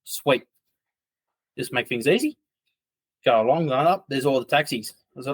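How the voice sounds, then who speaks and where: A man's voice: medium pitch, steady tone, brisk, pauses often. A man, a podcast guest telling a story in a loose, rambling way. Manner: rambling, loose, full of "like" asides. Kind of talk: casual storytelling.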